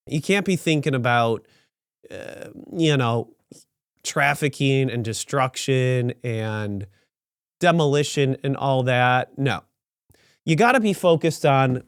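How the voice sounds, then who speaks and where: A man's voice: mid-range voice, takes it slowly, smooth, no room sound. Sarcastic rambling man, dry sound. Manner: sarcastic, rambling, with many restarts. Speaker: podcast host. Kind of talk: sarcastic commentary on news.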